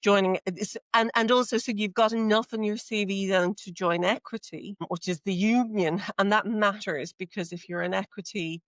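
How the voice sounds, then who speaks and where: A middle-aged Irish woman chatting as a podcast guest, telling stories with lively acted-out dialogue. Her voice sits at an ordinary pitch and is recorded dry and close, with no room sound. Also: moderate pace, hardly any pauses, no room sound. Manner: animated storyteller, acts out quoted dialogue. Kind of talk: casual chat.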